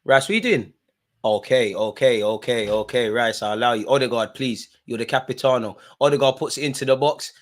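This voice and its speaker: A young man, streaming a live football watchalong, shifting between nervous muttering and loud outbursts at the referee. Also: medium pitch, a little fast. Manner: animated, swings from muttering to shouting at the ref. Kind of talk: live match reaction commentary.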